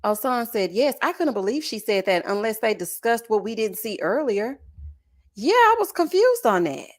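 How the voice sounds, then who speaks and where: A young adult woman hosting a casual reaction chat, reading viewer comments in a sassy, animated way and drawing out "child" and "honey". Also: on the high side, moderate pace.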